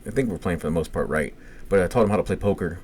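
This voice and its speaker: A man's voice: sits low, rapid-fire, husky. Profane Cajun man telling a story. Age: middle-aged. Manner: profane, animated storyteller acting out quotes. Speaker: podcast co-host. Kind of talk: casual storytelling chat.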